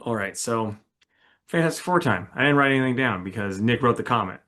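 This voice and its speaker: A man's voice: medium pitch, animated, brisk, a bit bright. Rambling casual man on a podcast. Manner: rambling, filler-heavy, laughs often. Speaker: podcast co-host. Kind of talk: casual chat.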